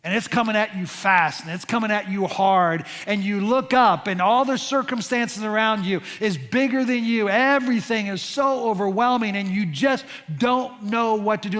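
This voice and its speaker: A middle-aged pastor with a high voice tells a story in a chatty, animated way, tripping over his words and starting lines again. His voice rings out in a large church hall with a long reverb. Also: moderate pace, hardly any pauses. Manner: animated, conversational with many restarts and fillers. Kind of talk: storytelling sermon.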